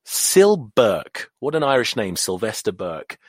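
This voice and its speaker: An English man in his thirties hosting a podcast, ranting casually about rugby in an animated, sweary way that keeps wandering off on tangents. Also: on the low side, a little slow, no room sound, clean studio sound. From England. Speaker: podcast host.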